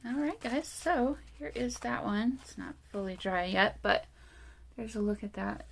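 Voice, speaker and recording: A woman talks in a slow, unhurried way while she works on a craft project, thinking aloud and often drifting off mid-thought. Her voice has a gravelly, creaky texture. A faint hiss sits under her words. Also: a little high, steady tone. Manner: musing, unhurried, trails off and laughs often. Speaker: craft vlogger. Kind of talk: casual talk while crafting.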